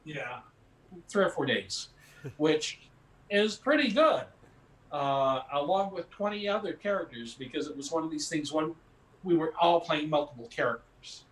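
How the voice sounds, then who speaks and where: An older actor chatting in a rambling, anecdotal way, chuckling between stories. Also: male voice, on the high side, big pitch swings, a little slow, a bit bright. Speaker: actor guest. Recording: roomy echoey sound.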